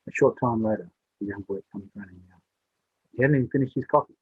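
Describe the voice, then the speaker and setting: A man telling a story aloud in a relaxed oral style, switching his voice for the characters. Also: fast talker, breathy edge, no room sound. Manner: voices the characters with rising pitch for the child. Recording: dry, tinny phone-like sound.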